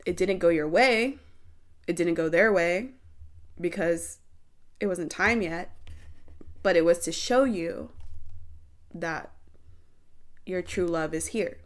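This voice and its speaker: A young woman doing a spiritual card reading, slow, teary and earnest as she speaks straight to her viewers. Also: on the low side. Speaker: tarot reader.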